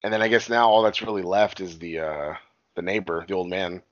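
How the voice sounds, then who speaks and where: A deep-voiced podcast co-host talks a little fast as he recaps a movie, full of swearing and acted-out lines in rambling, casual storytelling. The recording is dry and muffled.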